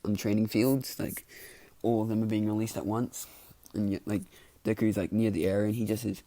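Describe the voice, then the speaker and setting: A man's voice: on the low side, fairly even intonation, a little fast, warm tone, no echo. A teenage boy telling a fan-made story off the cuff, rambling with many fillers and restarts. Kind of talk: casual improvised storytelling.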